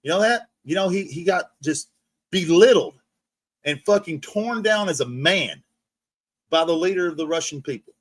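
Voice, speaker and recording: A man's voice: fairly high pitch, expressive, normal speed, dry recording. A man hosting a livestream, ranting in a heated, profane monologue and restarting his sentences often. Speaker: livestream host.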